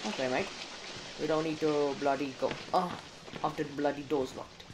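A man's voice: fairly high pitch, steady tone, normal speed, background noise. A young man giving let's play commentary, muttering to himself with jittery nerves and frequent mild swearing. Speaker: gaming channel host.

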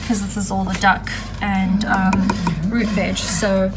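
A woman's voice: mid-range voice, flat delivery, takes it slowly, very noisy. A young woman chatting casually in a home vlog, often cooing at her dog. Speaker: vlogger and dog owner.

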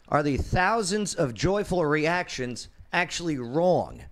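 A man hosting his own talk show, telling a story in a lively, animated way with quoted voices. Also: fairly high pitch, slow. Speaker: radio show host.

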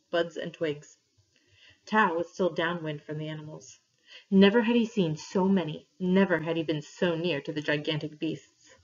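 A woman reading a story aloud to her class, clear and steady, pausing for questions. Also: on the low side. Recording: dull lo-fi recording.

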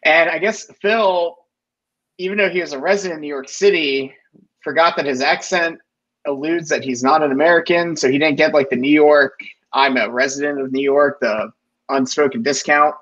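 A man's voice: on the high side, normal speed, a bit bright, dull audio. A man telling a story in a casual podcast chat, rambling with many restarts and fillers. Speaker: podcast guest.

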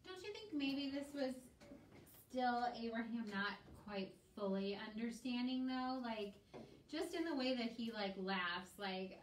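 A woman's voice: medium pitch, takes it slowly. A woman in a Bible study group, thinking aloud tentatively with hedges. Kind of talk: casual group discussion. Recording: distant echoey room mic with faint noise.

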